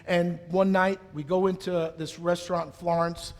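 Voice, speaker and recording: A middle-aged man giving a keynote speech on stage, telling a story in a playful, animated way. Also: high voice, normal speed. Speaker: keynote speaker. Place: conference stage in a large hall. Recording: long reverb of a large hall.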